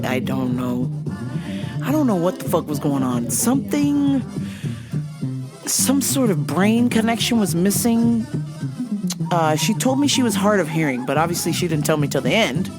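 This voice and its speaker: A woman hosting a podcast, telling a story in a casual, profane, laughing way. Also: sits low. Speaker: podcast host.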